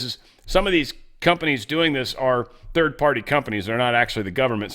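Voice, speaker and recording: A man's voice: mid-range voice, sharp tone. A man hosting a show, giving rambling, sarcastic political commentary. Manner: rambling, sarcastic, mock voices. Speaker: podcast host.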